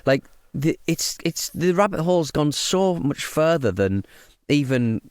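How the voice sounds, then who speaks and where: Rambling man with a lively voice. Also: a little high, no echo, studio quality. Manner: rambling, halting, many restarts; puts on silly voices when telling stories. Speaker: podcast co-host. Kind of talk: casual chat. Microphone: close podcast mic.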